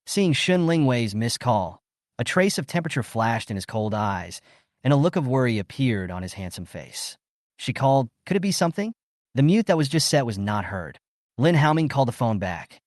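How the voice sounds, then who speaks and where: A man reading a scripted story recap in steady storytelling narration. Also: mid-range voice, moderate pace, no room sound, clean studio sound.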